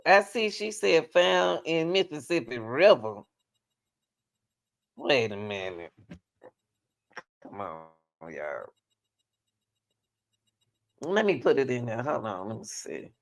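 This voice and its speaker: A woman hosting a casual live stream, talking excitably and in scattered bursts, repeatedly telling viewers to hold on while she searches. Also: a bass voice, takes it slowly, creaky, long pauses. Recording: dull lo-fi audio.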